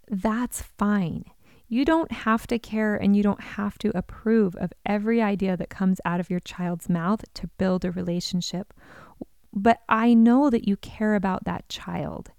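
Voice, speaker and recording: A woman in an advice talk for parents, earnest and encouraging as she speaks straight to the listener. Her voice is smooth and resonant, and it sits at an ordinary middle pitch. The sound is dry, with no room echo. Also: darkish tone. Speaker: parenting educator.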